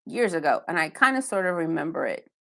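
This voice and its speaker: A woman's voice: lowish voice, sing-song, fast talker, a bit bright. Chatty woman on a live stream. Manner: chatty and rambling, answers viewer comments one by one; self-deprecating asides. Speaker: live-stream host reading viewer chat. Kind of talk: casual live chat. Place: home basement.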